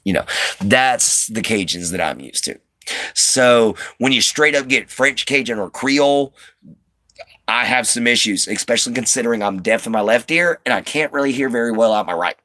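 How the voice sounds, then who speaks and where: A man's voice: medium pitch, expressive, normal speed, bright, forceful tone, no echo. A man from the Southern US with a slight Southern twang, hosting a rambling, easygoing livestream chat with his viewers from inside an RV. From Southern United States. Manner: rambling, easygoing, many fillers and restarts. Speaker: livestream host.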